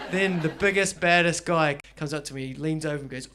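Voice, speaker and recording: A middle-aged man with a New Zealand accent doing stand-up comedy, telling stories with animated delivery and acting out characters. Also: fairly high pitch, quick pace, hardly any pauses. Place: garage venue with live audience.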